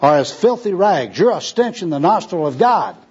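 A man's voice: high-pitched, big pitch swings, normal speed, darkish tone, husky, voice pushed up, heavily acted. A man voicing a zealous, pushy young male street preacher with an insistent, preachy manner, heard on a dull lo-fi recording.

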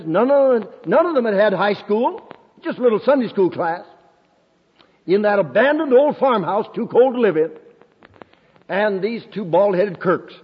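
An older man who heads a Bible school preaches a fervent testimony sermon, shouting hallelujah and amen, exclaiming and laughing often. His high-pitched voice is husky, heard on a dull old recording in a reverberant hall.

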